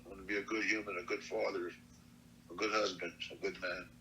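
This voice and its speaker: A man's voice: low-pitched, little pitch movement, a little fast, sharp tone, slight background noise, poor audio. An older man from Montana telling a personal story from his youth, plainspoken and earnest, with salty language. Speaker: elder storyteller. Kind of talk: personal oral-history storytelling.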